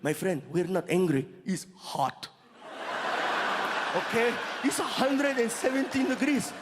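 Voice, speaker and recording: A man's voice: sits high, sing-song, slow pace, very noisy, full character voice. A comedian voicing an emotional Saudi man with a Middle Eastern accent who pleads earnestly in broken English. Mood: explaining. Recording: long reverb of live venue.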